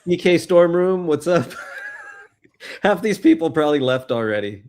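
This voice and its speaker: A man's voice: on the high side, big pitch swings, measured pace, a little mellow. A man hosting a casual livestream, greeting chat viewers and joking loosely, with frequent swearing. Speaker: livestream host reading chat.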